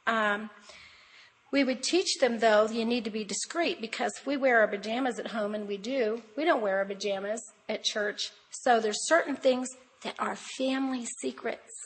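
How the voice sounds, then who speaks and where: A woman's voice: on the high side, measured pace, breathy edge, low-quality recording. An older grandmother speaking as a guest at a women's conference, in a chatty, emphatic, sermon-style talk full of family anecdotes. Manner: chatty and emphatic, addressing the audience directly; homespun storytelling with family anecdotes.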